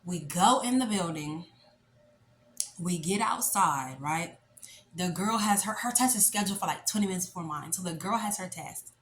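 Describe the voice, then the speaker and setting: A woman in her late twenties telling a story in a casual, animated, chatty way, full of fillers. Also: on the low side, moderate pace, slight background noise. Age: late 20s. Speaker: vlogger. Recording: echoey room with faint ambience.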